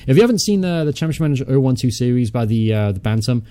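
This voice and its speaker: Mellow-voiced man muttering through a game. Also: mid-range voice, animated, racing. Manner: chatty, thinks aloud, mutters and swears casually. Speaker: gaming channel host. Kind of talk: casual let's-play commentary.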